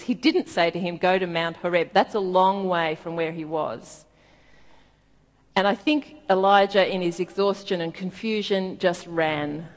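Woman preacher, gentle and reflective, soft low-pitched voice, long hall reverb. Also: moderate pace. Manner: gentle, reflective, laughs softly at times. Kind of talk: sermon with Bible reading.

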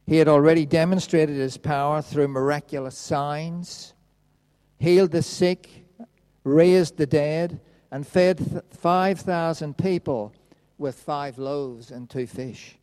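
A male preacher delivers a sermon at an unhurried pace, his tone mellow and warm. A long hall reverb trails each phrase as he reads scripture and explains it. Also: fairly high pitch, fairly even intonation, clean tone. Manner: slow, measured delivery. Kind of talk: sermon with Bible reading.

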